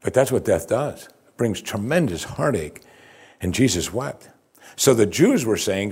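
Man preaching a sermon, deep voice, husky tone, conversational. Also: big pitch swings, measured pace, a little mellow. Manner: expository, conversational preaching with emphatic rises. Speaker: pastor.

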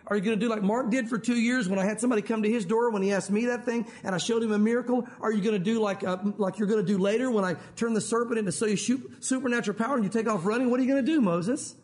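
A man's voice: sits high, fairly even intonation, racing, few pauses. A man preaching a sermon in a conversational way, firing rhetorical questions at his listeners. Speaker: pastor.

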